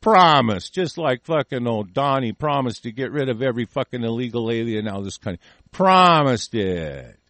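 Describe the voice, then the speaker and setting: A man's voice: fairly high pitch, a bit bright, no echo. A man hosting a call-in show, delivering an angry, profane political rant in heated bursts.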